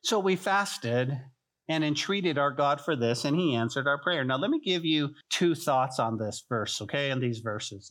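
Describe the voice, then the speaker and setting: A man preaching a sermon as pastor, telling stories with lively acted-out voices and dropping to a soft hush on key points. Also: on the high side. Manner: animated storytelling, acting out biblical figures in voices; drops to soft, quiet delivery on key points.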